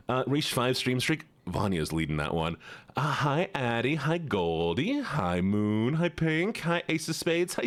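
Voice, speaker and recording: A man streaming live, chatting with viewers in an excitable, chatty way and greeting and thanking them. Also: mid-range voice. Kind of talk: casual livestream chat.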